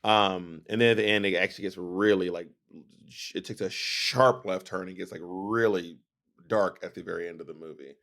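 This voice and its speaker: A man's voice: deep voice, moderate pace, creaky. A man co-hosting a casual chat, talking with opinion and quoting others in voices. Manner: opinionated, animated storytelling with quoted voices. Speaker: podcast co-host.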